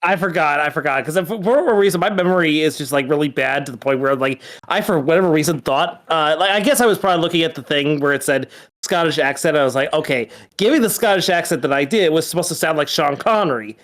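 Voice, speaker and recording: A man's voice: on the high side, fast talker, a bit bright. A man, a voice actor guest, rambling through a story with lots of fillers. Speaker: fan-series voice actor guest. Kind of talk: casual chat.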